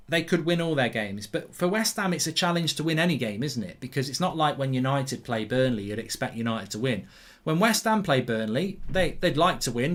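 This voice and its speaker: A man's voice: medium pitch, a bit bright. Rambling man hosting a live watchalong. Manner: rambling, reads viewer comments aloud. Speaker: host. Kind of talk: live match watchalong chat.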